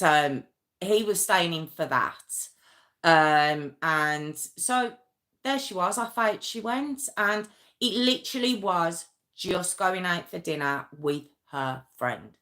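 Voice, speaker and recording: A woman's voice: medium pitch, a bit bright. A woman telling a true crime story on a casual live stream at home, chatty and rambling, with asides and restarts.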